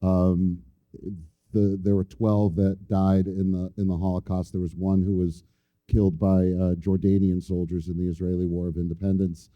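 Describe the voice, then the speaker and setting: A middle-aged man, a school principal, telling a personal story in a halting way, with many ums and restarts, and acting out the dialogue. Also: sits low, little pitch movement, no echo, highs cut off. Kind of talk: personal storytelling on a local TV panel.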